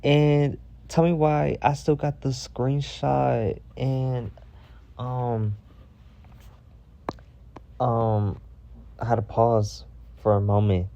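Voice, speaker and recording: A young man telling a casual storytime about school, chatty with lots of fillers and asides, animated and profane, getting loud when riled up. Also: on the low side. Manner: chatty with filler words and frequent "okay?" asides.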